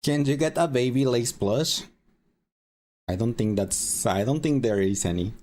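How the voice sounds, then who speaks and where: A man streaming a game, chatting casually with viewers and rambling with halting pauses. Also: mid-range voice, darkish tone. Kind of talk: casual live-stream chat.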